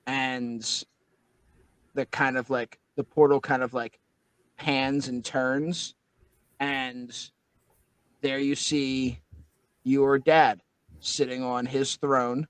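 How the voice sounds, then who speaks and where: A man's voice: mid-range voice, little pitch movement, drawn-out words, pauses often, a bit bright, clean tone, no room sound, rough recording. A man narrating a tabletop game as game master, describing scenes loosely with many fillers.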